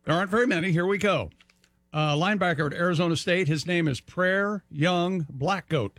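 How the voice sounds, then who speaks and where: A man's voice: sits high, normal speed, a bit bright, no echo, clean studio sound. A man co-hosting a casual talk show, reading out names and spelling them out in an upbeat way. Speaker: co-host. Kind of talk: casual radio chat.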